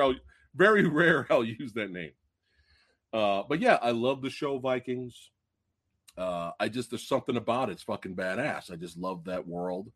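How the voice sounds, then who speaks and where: Male livestream host with a lively, swooping voice, excitable and profane. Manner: excitable, profane, swings from loud outbursts to low mutters. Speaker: podcast host. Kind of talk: casual movie review livestream.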